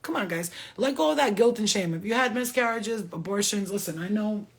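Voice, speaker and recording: A woman speaks as a spiritual medium in an unfiltered, profane style, often laughing. Her voice is husky and sits at an ordinary middle pitch. She sounds like casual channeling talk rather than a formal reading. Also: expressive, a little fast.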